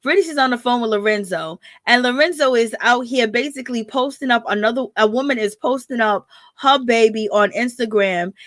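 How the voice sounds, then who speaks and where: Chatty higher-voiced woman gossiping. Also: brisk, a bit bright, no echo. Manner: chatty, slangy, laughs often. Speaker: reality TV recap vlogger. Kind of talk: casual gossip commentary.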